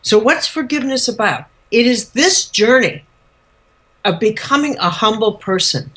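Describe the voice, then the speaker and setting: A woman's voice: a little high, expressive, normal speed, a bit bright. A woman teacher giving a live spiritual lecture, speaking emphatically and bluntly, repeating words for force.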